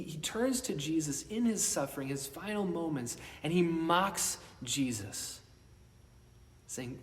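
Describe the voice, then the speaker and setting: Male pastor, casual sermon delivery with hushed asides, long hall reverb, faint room hum. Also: a little high, expressive, slow pace. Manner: conversational, with frequent restarts and hushed, whispered emphasis. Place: church worship space. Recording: roomy long reverb, mic at a distance, faint ambience.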